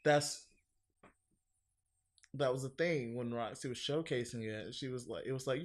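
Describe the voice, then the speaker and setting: A man chatting casually on a podcast, rambling and profane, laughing loudly and mimicking others in high exaggerated tones. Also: unhurried, long pauses. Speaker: podcast co-host. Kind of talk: casual chat.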